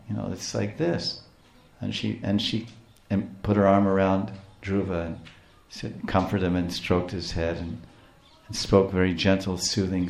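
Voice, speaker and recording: A man's voice: lowish voice, gravelly, darkish tone, roomy sound. A man giving a scripture lecture as a spiritual teacher, telling stories with frequent restarts. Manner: storytelling, acts out quotes, frequent restarts.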